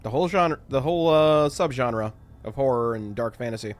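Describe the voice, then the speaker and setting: A man's voice: medium pitch, brisk, faint music behind. A man streaming a game, chatting casually and rambling through joking explanatory asides. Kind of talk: casual live-stream chat.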